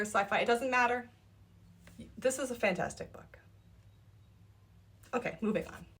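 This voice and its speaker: A woman's voice: mid-range voice, fairly bright tone. A young adult woman and author talking through her recent reads in a casual vlog, enthusiastic and gushing, repeating herself for emphasis. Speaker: book vlogger and author. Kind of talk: casual book review vlog.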